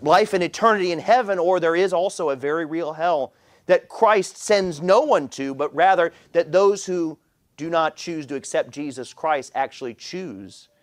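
A man's voice: fairly high pitch, moderate pace. A man preaching a sermon as pastor, often repeating words as he restarts phrases. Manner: animated preaching with frequent stammered repeats. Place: church.

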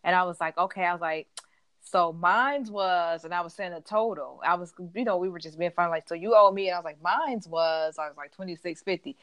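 A woman with a slightly low voice, co-hosting a casual chat and spinning animated stories. Her voice sits close and dry, with no room around it. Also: fast, few pauses, no echo. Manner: chatty storyteller, animated retellings. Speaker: podcast co-host.

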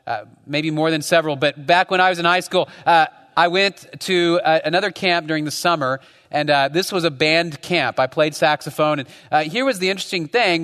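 Man, pastor, conversational sermon, fairly high voice, long church reverb. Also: fairly bright tone. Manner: conversational, with frequent rhetorical tag questions.

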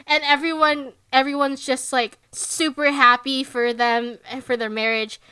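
A woman chatting casually as a podcast co-host, very animated, laughing often, filling her talk with "like" and acting out characters with sudden jumps in pitch. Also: moderate pace, dry recording. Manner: swears casually, lots of filler "like". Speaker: podcast co-host recapping an anime episode. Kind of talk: casual chat.

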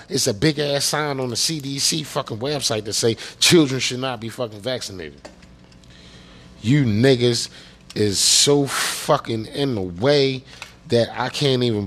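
A man's voice: medium pitch, animated, moderate pace, a bit bright. A man from Pennsylvania hosting a show, ranting casually and profanely and checking in with his listeners again and again. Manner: profane, repeats "you know what I'm saying". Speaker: podcast host.

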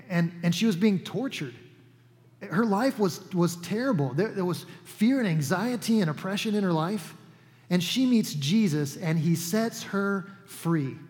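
Conversational preacher with hall reverb. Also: male voice, a little high, a little mellow. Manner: conversational storytelling preacher, with asides and paraphrases. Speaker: pastor. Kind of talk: sermon.

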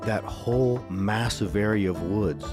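A man narrating a tabletop game as game master, slow and halting with many fillers. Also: lowish voice, over music.

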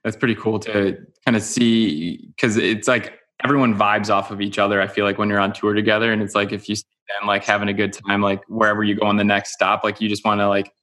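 Host: man with a lowish, bright voice, easygoing rambling interviewer. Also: flat delivery, fairly quick, hardly any pauses. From Chicago area. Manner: rambling, many "like" fillers. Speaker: podcast host. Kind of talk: casual podcast interview.

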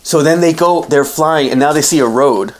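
A man's voice: a little high, normal speed, slight background noise. A young man casually improvising a cartoon plot with a co-host, rambling and laughing as he goes. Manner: rambling, laughing, frequent restarts. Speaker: podcast co-host.

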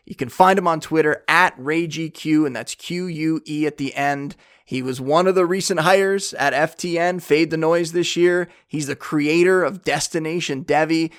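Casual male podcast host, higher voice. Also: moderate pace, few pauses, clear, resonant tone. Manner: conversational, relaxed analysis. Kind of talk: casual chat.

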